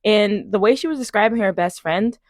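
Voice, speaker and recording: A young woman from Long Island telling a story to camera in an animated, exasperated way. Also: medium pitch, brisk, no echo. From Long Island, New York. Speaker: vlogger. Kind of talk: story time vlog.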